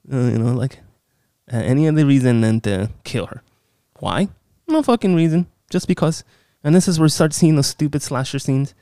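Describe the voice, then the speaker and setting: A man's voice: mid-range voice, a little mellow, dry recording. Give me a sarcastic man ranting through a horror film plot in a dry, close recording. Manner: sarcastic, exasperated, swears often. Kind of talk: casual profane film recap.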